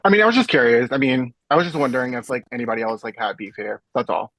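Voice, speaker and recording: A man with a gravelly, fry-edged voice at a middle pitch hosts a casual chat over a video call. He asks his questions haltingly, restarting and padding them with fillers. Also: fairly bright tone, no echo, low-quality recording.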